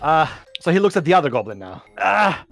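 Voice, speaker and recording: A man running a tabletop game as dungeon master, his high voice swinging widely as he laughs and hands out instructions. Faint music plays under the voice chat. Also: vocal fry. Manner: animated, laughing, quick with instructions. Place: online game session over voice chat.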